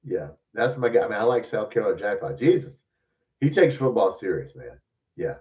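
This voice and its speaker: In a lowish, sing-song, slightly mellow voice, a man living in Louisiana talks fairly quickly as he hosts a podcast. His casual sports rant is blunt, profane, and rambling, recorded from a distance in lo-fi sound.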